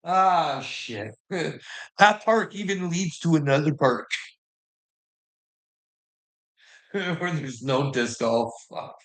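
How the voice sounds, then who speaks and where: A man's voice: fairly high pitch, expressive, drawn-out words, pauses often, fairly bright tone. A Canadian man in a rambling casual monologue, swearing a lot and laughing often between sentences.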